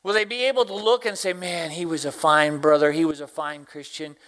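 A man preaching a sermon, a deacon and Sunday school teacher who quotes scripture slowly and swings from hushed lines to loud exclamations. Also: fairly high pitch, fairly even intonation. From Tennessee, US. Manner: quotes scripture in slow, drawn-out phrasing.

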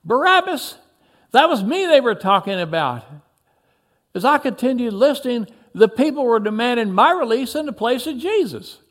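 A man narrating a biblical story in the first person in an expressive way, dropping low for reflective passages. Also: moderate pace.

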